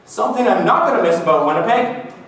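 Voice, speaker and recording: A man in his twenties from Canada riffs in a wry, self-mocking monologue, his high voice bouncing all over. He sits well back from the mic, and the room rings with echo. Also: lively intonation, quick pace, fairly bright tone. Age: 20s. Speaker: vlogger. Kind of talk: casual comic monologue. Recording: echoey room, far from the mic.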